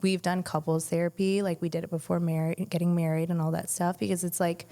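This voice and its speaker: A woman's voice: lowish voice, flat delivery, fast talker, warm tone. A young woman on a podcast, casually telling a personal story, peppered with "like" and swearing. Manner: chatty, frequent "like", swearing. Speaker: podcast guest.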